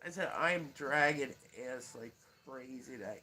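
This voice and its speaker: Congested, bright-voiced man livestreaming. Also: medium pitch, moderate pace. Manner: rambling, chatty, laughs often, swears freely. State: congested, stuffy nose. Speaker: livestream host. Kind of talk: casual livestream chat.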